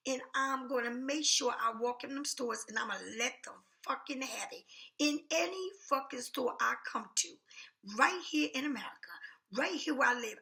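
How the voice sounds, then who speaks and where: A woman rants through a story with blunt anger and constant swearing. Her voice sits high and has a gravelly fry, with a sharp, forceful edge. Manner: angry, blunt, heavy swearing. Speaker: vlogger. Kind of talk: profane storytelling rant.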